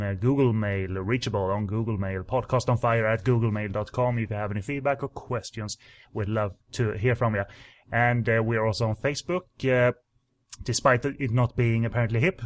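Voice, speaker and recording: A man hosting a film podcast in casual chat, teasing his co-host and talking with many fillers. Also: medium pitch.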